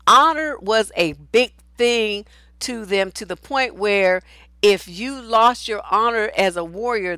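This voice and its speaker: A woman's voice: medium pitch, animated, takes it slowly, sharp tone, dry recording. Blunt, outspoken woman coach. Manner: blunt, outspoken, swears freely. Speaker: relationship coach. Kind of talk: casual advice talk, reading viewer comments.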